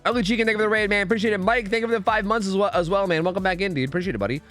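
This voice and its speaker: A man's voice: sits high, very fast, a bit bright, faint music behind. A man streaming a game, chatting casually with viewers, rambling and swearing, saying dude a lot. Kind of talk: casual chat with chat while gaming.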